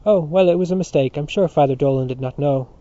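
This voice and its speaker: A man voicing a kindly older priest who heads a school, speaking gently and reassuringly. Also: fairly high pitch, fast talker, close to an everyday voice. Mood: gentle. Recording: dull lo-fi recording.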